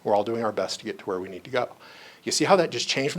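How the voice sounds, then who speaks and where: A man's voice: mid-range voice, animated, quick pace. A man giving a staff training on psychology, talking conversationally and acting out the people in his stories. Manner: conversational, acts out quoted voices in stories; frequent asides like "you know" and "right". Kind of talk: training lecture with anecdotes.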